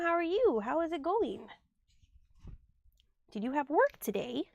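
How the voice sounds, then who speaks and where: Young woman streamer, high and gravelly, getting over being sick, chatty home-stream talk with muttered asides. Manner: chatty, thanks viewers and mutters asides while tidying. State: recovering from illness. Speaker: livestreamer. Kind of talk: casual livestream chat. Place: room at home.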